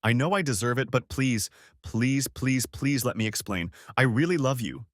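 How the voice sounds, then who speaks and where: A man's voice: medium pitch, lively intonation, moderate pace, no echo, studio quality, natural voice. A man reading a story aloud, voicing a tearful wife who pleads with her husband in an audiobook. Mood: pleading. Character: pleading adult wife caught cheating.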